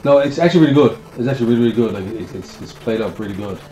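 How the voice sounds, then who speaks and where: A man's voice: medium pitch, animated, very fast, warm tone, a little hiss or hum. A man with a Newfoundland accent chatting casually on a game stream, often repeating words as he starts a sentence. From Newfoundland, Canada. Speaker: guest co-host. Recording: echoey room with game music.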